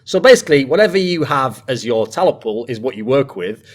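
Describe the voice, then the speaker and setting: A man's voice: mid-range voice, big pitch swings, brisk. A man hosting an esports talk show, chatting casually with emphatic, rambling asides. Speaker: podcast host. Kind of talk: casual esports panel discussion.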